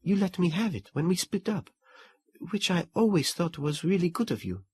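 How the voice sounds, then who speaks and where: Male reader doing a quiet, shy woman for an audiobook: soft, lifted pitch, breathy, dry. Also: big pitch swings, moderate pace, heavily acted. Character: woman meeting her ex-husband, shy and gentle. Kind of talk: audiobook character reading.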